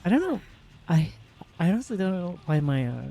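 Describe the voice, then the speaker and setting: A relaxed streamer talking through a live game in a soft, hushed voice that leans toward ASMR. The tone is mellow and dark, with a rambling, easygoing flow and frequent small laughs. Mid-pitched and unhurried. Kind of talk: casual live gameplay chat.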